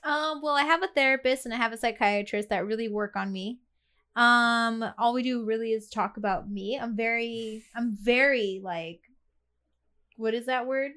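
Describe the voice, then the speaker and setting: A woman's voice: on the high side, normal speed, a bit bright. A woman co-hosting a casual podcast, talking candidly and laughing easily, with the hiccups. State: has the hiccups. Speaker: podcast co-host.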